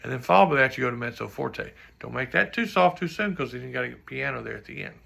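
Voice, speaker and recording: A man with a deeply gravelly, rough-edged voice and a bright, forceful tone coaches trombone audition pieces. He sings rhythms out loud to demonstrate articulation and talks through the flaws in his own playing, with a joking aside now and then. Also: expressive, quick pace. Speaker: trombone teacher. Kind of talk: music clinic instruction.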